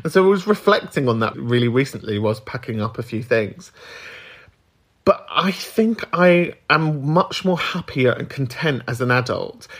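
A man from the UK hosting a casual podcast. He talks candidly and reflectively, in everyday chat with the odd swear word. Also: mid-range voice. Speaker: podcast host.

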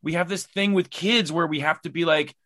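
Man, podcast host, slightly high voice, enthusiastic, emphatic, dry close sound. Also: fairly quick, no room sound. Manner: warmly enthusiastic, emphatic repetition. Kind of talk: casual conversational interview.

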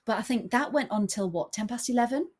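A woman co-hosting a casual sports podcast, excitable and quick to laugh. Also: a little high. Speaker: podcast co-host.

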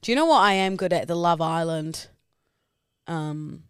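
A woman's voice: fairly low pitch, moderate pace, clear, resonant tone, no room sound, clean studio sound. Playful Australian woman in her twenties. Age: 20s. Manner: playful, animated. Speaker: podcast co-host. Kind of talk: casual banter.

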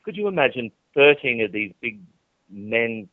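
A man's voice: mid-range voice, moderate pace, no room sound. A male TV presenter being interviewed, telling chatty, candid stories and acting out the dialogue in them. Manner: lively storyteller who acts out quoted dialogue. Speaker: TV presenter guest. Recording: dry, tinny phone-like line.

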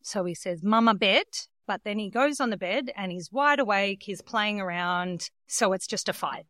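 A woman's voice: mid-range voice, normal speed, dry recording, studio quality. A woman co-hosting a podcast, chatting casually about her toddler. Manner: warm, chatty, shares parenting stories. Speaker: podcast co-host. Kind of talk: casual chat.

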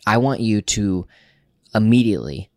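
A man in a casual couples chat, speaking haltingly with restarts and uneven pace. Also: on the low side, expressive, a little mellow, no room sound, clean studio sound. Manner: halting, restarts words, speeds up and slows down.

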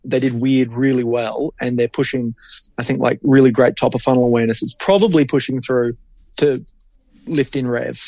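Man, blunt and sweary podcast chat, mid-pitched voice, dry close sound. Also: fairly even intonation, creaky, mellow, dry recording. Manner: blunt, swears freely, fast and opinionated. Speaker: podcast co-host, marketing creative.

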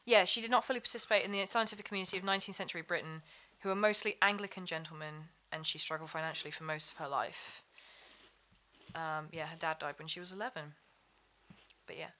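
A woman's voice: fairly low pitch, steady tone, fast talker, sharp tone. A woman chatting as a podcast guest, rambling with many fillers and restarts. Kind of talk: casual chat.

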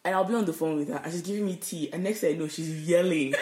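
A woman's voice: fairly low pitch, fast talker, darkish tone, echoey room. A young woman co-hosting a podcast in casual chat, teasing and blunt, swearing freely. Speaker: podcast co-host.

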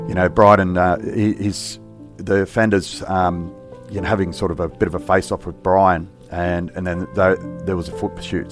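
Deep-voiced cop recounting events. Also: male voice. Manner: halting, reflective, plain-spoken. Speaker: police officer, interview guest. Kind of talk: recounting a personal story in an interview.

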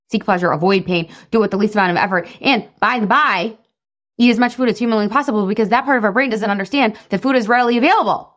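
A woman in her thirties giving a casual coaching talk, animated and laughing often, acting out quoted voices. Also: on the low side. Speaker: podcast host and weight loss coach.

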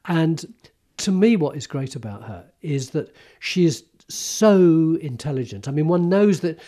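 A man's voice: on the high side, expressive, unhurried, warm tone. A male host from East London in casual, reflective chat.

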